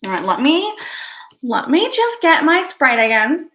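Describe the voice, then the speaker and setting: Giggly bright-voiced woman streamer. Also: sits high, big pitch swings, measured pace. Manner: giggly, chatty, often laughing and slipping into soft asides. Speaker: livestream host reading viewer comments. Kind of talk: casual live-stream chat.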